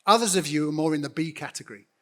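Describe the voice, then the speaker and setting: A man's voice: a little high, very fast, sharp tone. A middle-aged man, a church network leader speaking earnestly and directly to a congregation in an on-stage interview. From United Kingdom. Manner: earnest, direct, appealing to the audience.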